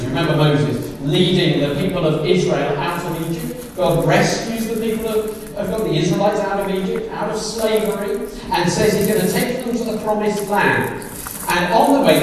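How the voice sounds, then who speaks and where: A man's voice: sits high, darkish tone, recorded from a distance, slight background noise. A man preaching a sermon, telling a story and asking his listeners questions. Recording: echoey hall, voice from afar.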